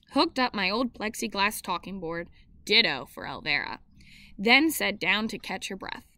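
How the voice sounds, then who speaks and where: A woman reading a novel aloud in steady first-person narration, with small slips she corrects as she goes. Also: mid-range voice, no room sound.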